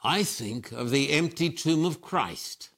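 A man's voice: a little high, expressive, takes it slowly, gravelly, a bit bright, breathy edge. An older man, a Christian preacher answering questions with emphatic, repetitive preaching. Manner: emphatic preaching with repeated phrases. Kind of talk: fervent spiritual interview answers.

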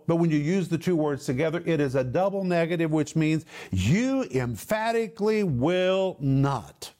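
A man teaching the Bible on a television program, explaining Greek words with slow, emphatic stresses. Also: a little high, darkish tone.

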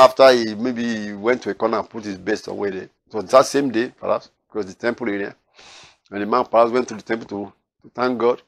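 Animated male preacher teaching scripture. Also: medium pitch, dry recording. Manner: animated, acts out quoted voices with rising loudness. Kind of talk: Bible teaching.

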